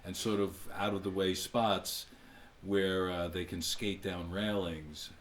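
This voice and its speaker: A man's voice: deep voice, steady tone, slow pace. A man co-hosting a radio talk show, asking questions casually and often restarting his sentences. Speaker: radio co-host. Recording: distant mic, faint background hum.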